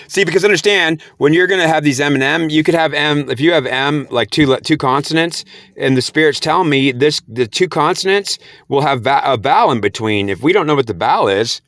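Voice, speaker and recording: A man's voice: on the high side, a little fast, fairly bright tone, dry recording. A man explaining spirit messages to camera. He repeats himself, sounds out words syllable by syllable, and breaks into incredulous outbursts. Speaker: spiritual speaker.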